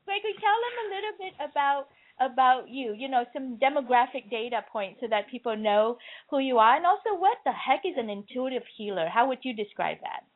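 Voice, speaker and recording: A gushing woman host talks in a bright, high register, laughing between her thoughts. Her voice comes through narrow and tinny, like an old internet radio call. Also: lively intonation, a little fast. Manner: bubbly, laughs often, effusive. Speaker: podcast host. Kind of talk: casual chat. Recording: tinny phone-like call audio.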